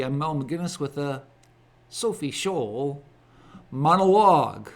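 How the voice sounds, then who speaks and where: Slow, deliberate man with emphatic phrasing. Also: fairly high pitch, expressive, darkish tone. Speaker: ministry host giving a monologue. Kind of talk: solo spoken commentary monologue.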